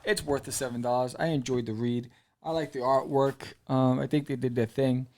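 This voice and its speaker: A man hosting an indie comics podcast, telling the story in a loose, animated way. He slips into quick character voices and fills pauses with "you know" and "um". His pitch sits in an ordinary middle range. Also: a little hiss or hum. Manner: animated storyteller, acts out character lines, many fillers. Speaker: podcast host reviewing comics. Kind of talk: casual recap and review.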